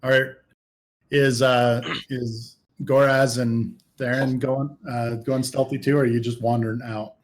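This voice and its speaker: A man running a tabletop game as game master, narrating scenes and calling for checks in a casual, halting way. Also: medium pitch, flat delivery.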